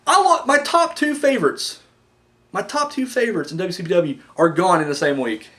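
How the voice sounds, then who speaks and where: A young man giving a casual, excitable review of a wrestling show, slangy and full of "dude" and "like". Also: high-pitched, moderate pace.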